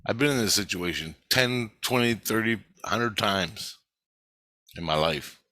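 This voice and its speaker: A man telling a dream in casual, profane storytelling, swearing constantly and getting animated as he retells it. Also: lowish voice, unhurried, no room sound.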